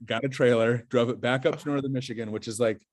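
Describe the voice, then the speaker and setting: A man's voice: medium pitch, steady tone, quick pace. A man as a podcast guest, telling a story in casual chat, rambling with lots of fillers and restarts.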